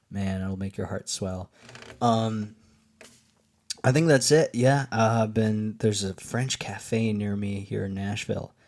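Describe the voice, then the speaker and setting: A man's voice: on the low side, darkish tone. A man hosting a solo podcast, talking in a loose, meandering way with many fillers and restarts, a little tipsy from wine. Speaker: podcast host. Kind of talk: rambling solo podcast monologue.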